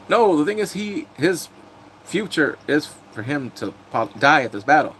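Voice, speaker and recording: A man chatting casually on a live stream, recapping TV episodes and greeting viewers, laughing and animated. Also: medium pitch, normal speed, a little hiss or hum.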